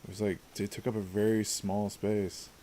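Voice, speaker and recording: A man's voice: fairly low pitch, level tone, normal speed, dark tone, slight background noise. A man casually chatting and joking while playing a co-op game, rambling and laughing often. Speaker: co-host. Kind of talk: casual gaming chat.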